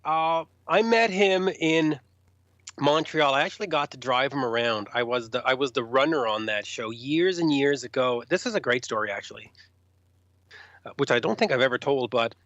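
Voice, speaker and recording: A man telling rock stories in an interview, animated, raising his voice to act out quotes. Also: mid-range voice, moderate pace, dry recording. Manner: animated, acts out quotes in a raised voice. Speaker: rock journalist guest. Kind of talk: storytelling interview. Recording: dull, lo-fi sound.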